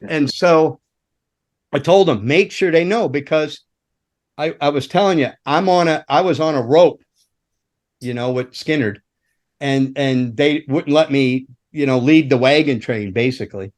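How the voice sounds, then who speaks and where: Older dude rambling roadie stories, kinda high voice, lots of swearing and laughing. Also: male voice, measured pace. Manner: rambling, profane, laughing anecdotes with voiced quotes. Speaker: guest, former rock roadie. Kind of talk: casual storytelling chat.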